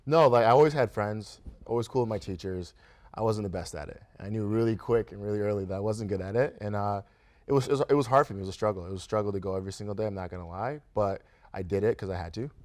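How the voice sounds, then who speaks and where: This young restaurant owner from Grand Rapids, Michigan, talks fast in a fairly low, darkish voice during a relaxed radio studio interview. He's at ease as the guest, laughing often and peppering his speech with "right?" and "kinda."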